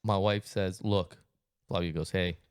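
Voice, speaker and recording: A man in his thirties hosting a podcast, telling stories in a casual, animated, swearing style and acting out voices. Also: low voice, a little slow, clean tone, no echo, clean studio sound. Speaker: podcast host. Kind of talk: casual chat, storytelling.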